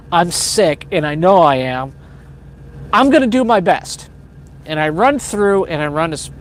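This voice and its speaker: Rambling storyteller man, slightly high voice. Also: slight background noise. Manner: rambling, self-correcting, chuckles often. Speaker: livestream host. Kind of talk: casual spoken storytelling to a live chat.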